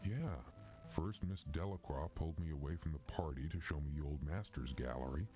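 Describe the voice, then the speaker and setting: A relaxed flirting dockworker, very deep voice, game music behind. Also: male voice, fairly quick. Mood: easygoing.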